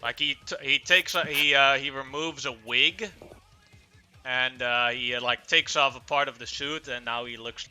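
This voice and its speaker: A man narrating and ruling as game master of a tabletop game, in a relaxed, matter-of-fact way. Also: mid-range voice, moderate pace, smooth, soft background music.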